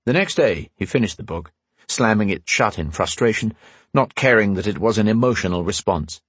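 A man reading a fantasy novel aloud in calm, even scripted narration. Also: fairly low pitch, normal speed, breathy edge, no room sound. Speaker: audiobook narrator.

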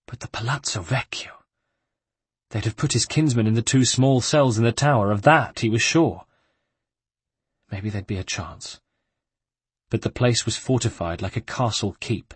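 A man reading a novel aloud as an audiobook narrator, in a steady measured way. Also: on the low side, slightly rough, no echo.

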